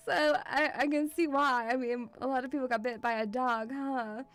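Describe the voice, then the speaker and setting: Giggly high-voiced streamer woman, affectionate. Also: brisk, few pauses. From Russia. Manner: affectionate, calls the viewer sweetie, giggly. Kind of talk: casual stream chat reading viewer messages.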